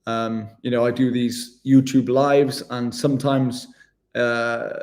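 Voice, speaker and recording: Laid-back man with a mellow voice. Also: medium pitch. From Wales. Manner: laid-back, matey, calls everyone mate. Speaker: travel vlogger hosting a live stream. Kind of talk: casual live-stream chat with viewers.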